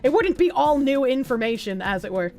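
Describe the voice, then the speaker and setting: High-voiced Boston woman chatting casually. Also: expressive, darkish tone, faint music behind. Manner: loose, profane, quick to laugh. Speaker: streamer. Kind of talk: casual chat reading viewer comments.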